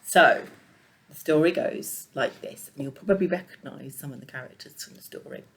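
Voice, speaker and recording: A woman leading junior church, telling a children's Bible story with puppets in a playful, animated way. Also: sits low, moderate pace.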